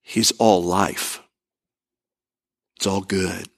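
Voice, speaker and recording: A male pastor giving a conversational sermon, telling stories and slowing down to stress key words. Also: low-pitched, fairly even intonation. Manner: conversational preaching with storytelling and emphatic pauses.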